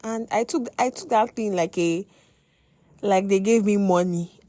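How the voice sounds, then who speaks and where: Young woman, podcast host, personal faith testimony, expressive, bursts of exclamation. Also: medium pitch, unhurried. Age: young adult.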